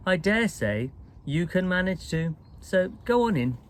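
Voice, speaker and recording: A man's voice: high-pitched, sing-song, measured pace, voice pushed up. A man voicing a stern, cross headmistress who speaks sharply and severely. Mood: curt.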